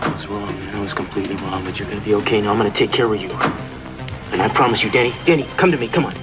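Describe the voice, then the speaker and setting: An actor playing a distraught man who tries to keep a dying friend calm in a 1980s soap opera. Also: a little high, fast talker, over music, natural voice. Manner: urgent, pleading.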